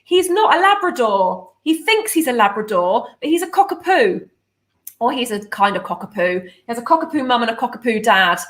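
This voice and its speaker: A woman hosting a nutrition membership livestream chats in a bubbly, casual way, full of fillers. Her voice is fairly high, sing-song, a bit bright, and brisk.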